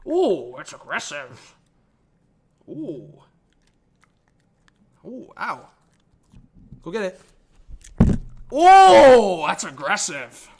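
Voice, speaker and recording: A man live-streaming reaction commentary who chats to viewers and his dog, and swings between mumbling and shouting. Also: a little high, very animated, extremely slow, long pauses, slight background noise.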